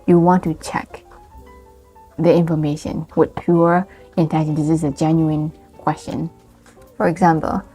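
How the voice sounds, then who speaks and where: Soft-voiced woman teaching English intonation. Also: sits low, steady tone, slightly rough, soft background music. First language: Burmese. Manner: slow, careful explaining with acted example sentences. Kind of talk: online language lesson.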